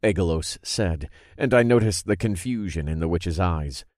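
A man narrating a dark fantasy story in the first person, steady and low-key. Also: moderate pace, no room sound, studio quality.

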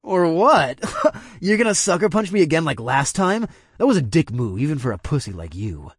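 A man's voice: on the high side, big pitch swings, normal speed, slightly rough, no echo, clean studio sound, pitched above the performer's own voice. A man voicing a cocky young frat guy in a sneering, mocking tone.

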